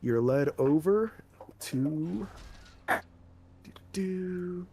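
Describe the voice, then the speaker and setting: A man's voice: high voice, lively intonation, extremely slow, dark tone. Male game master, casual, easygoing tabletop narration, slight noise in the background. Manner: loose, casual narration with fillers and swearing.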